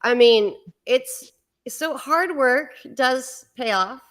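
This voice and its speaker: A woman hosting a live-stream talk, chatty and excited, with many fillers. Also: high-pitched, slow. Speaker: host. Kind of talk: casual live-stream chat.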